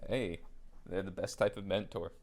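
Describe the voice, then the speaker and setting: A low-voiced man on a podcast voice call, still gravelly from the morning. He teases the others in a dry, sarcastic way and keeps the talk moving. His delivery is relaxed and deadpan. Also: moderate pace. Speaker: podcast co-host. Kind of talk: casual chat. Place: home, over an online voice call.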